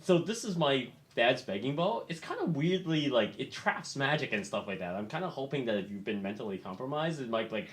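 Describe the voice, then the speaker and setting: A man's voice: medium pitch, lively intonation, brisk, hardly any pauses. A man playing in a tabletop game, talking casually and stumbling over his words. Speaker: player.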